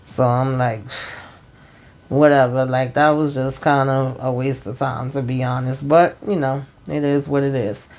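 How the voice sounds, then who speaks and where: A woman's voice: very deep voice, steady tone, unhurried, darkish tone. A woman giving a casual, rambling recap of a TV episode, full of fillers like "um" and "you know" and talking straight to her viewers. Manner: chatty, speaks to viewers directly. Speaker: TV show recap host.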